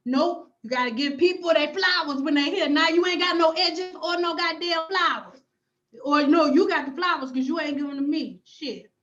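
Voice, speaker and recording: Sassy black-lady on a hair stream, high voice, kinda dull lo-fi sound, cussing and repeating herself. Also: normal speed, a bit bright. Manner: sassy, emphatic, profane, repeats catchphrases. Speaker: hair stylist and cosmetologist vlogger. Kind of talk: livestream chat reading viewer comments. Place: home.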